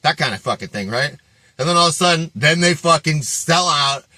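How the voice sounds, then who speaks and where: A man tears into a rant, cursing freely and mocking as he goes. His voice is bright and pushed hard, recorded close and dry with no room sound. He laughs between lines, half amused at his own anger. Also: a little high, expressive, fairly quick, dry recording. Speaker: fitness vlogger. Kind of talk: profane rant.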